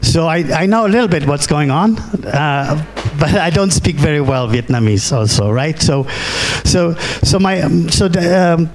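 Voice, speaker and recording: A middle-aged man from Germany with a German accent gives a conference keynote, halting with fillers and restarts and often asking "right?". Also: fairly high pitch, animated, slight background noise. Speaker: keynote speaker. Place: conference hall.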